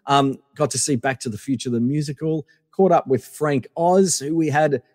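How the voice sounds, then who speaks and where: A man with a fairly high speaking voice tells a rambling, casual story, full of fillers and quoted exchanges. His voice sits close and dry on the mic, but a long reverb tail trails behind it. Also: normal speed, a little mellow. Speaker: guest.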